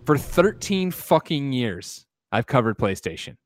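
A man hosting a gaming podcast, delivering a loud, mock-angry comic rant full of swearing. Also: medium pitch, very animated, unhurried, dry recording, clean studio sound. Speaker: podcast host.

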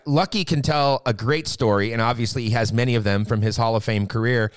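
A man's voice: mid-range voice, smooth, no echo. Chatty male podcast host, dry sound. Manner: chatty, self-deprecating, laughs easily. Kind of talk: casual interview.

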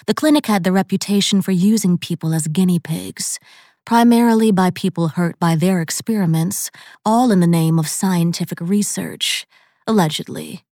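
Woman narrator, scripted horror story, measured, lowish voice, dry close mic. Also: dark tone, no echo. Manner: measured, atmospheric.

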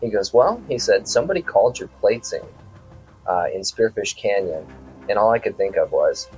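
A man's voice: lowish voice, expressive, moderate pace, darkish tone, faint music behind, poor audio. A man from South Dakota, a podcast guest, telling a story in a casual, rambling way full of quoted back-and-forth dialogue.

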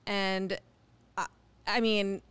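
A female sports podcast co-host introduces segments and gives her take in a measured, casual way. Her voice is smooth and clear. The studio sound is dry and close to the microphone. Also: medium pitch, little pitch movement, a bit bright, dry recording.

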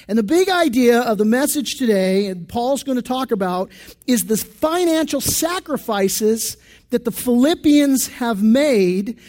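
A man's voice: very high-pitched, darkish tone. A male pastor giving a sermon in a church, talking in a conversational style, full of asides and restarts.

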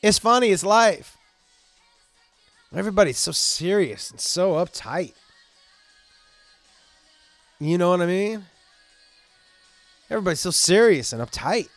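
A middle-aged man, a stand-up comedian, talking in a casual, profane monologue that bursts into loud rants. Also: on the high side, no room sound. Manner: profane, animated ranting with loud outbursts.

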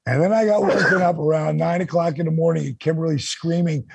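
Gravelly, raspy man telling a story. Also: moderate pace, hardly any pauses, no room sound. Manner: animated, acts out quotes with big pitch jumps. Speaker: guest storyteller. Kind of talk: casual storytelling chat.

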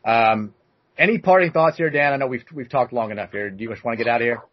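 A man's voice: mid-range voice, fast talker, no room sound, highs cut off. A man in his thirties hosting a podcast, telling rambling stories in a loose, casual way. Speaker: podcast host. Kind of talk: casual chat.

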